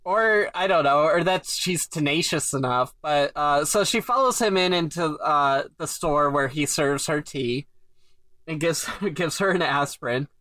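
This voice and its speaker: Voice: medium pitch, measured pace, fairly bright tone, no room sound. A podcast host casually recapping a story, with an amused storytelling manner.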